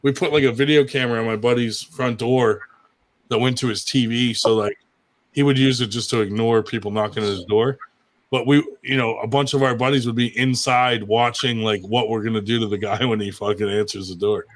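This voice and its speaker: Married dude telling crazy stories, swears a ton, laughs through it, regular voice. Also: male voice, medium pitch, steady tone, fairly quick, slight background noise. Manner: crude, profane, laughing storyteller. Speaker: show regular. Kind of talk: casual chat, storytelling.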